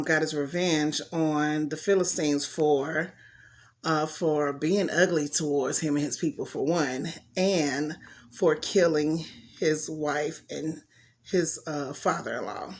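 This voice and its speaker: A woman's voice: low voice, fairly even intonation, slow. Chatty woman reading scripture. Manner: chatty, talks back to the story with slang asides. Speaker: Bible reader and commentator. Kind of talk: casual Bible reading with asides.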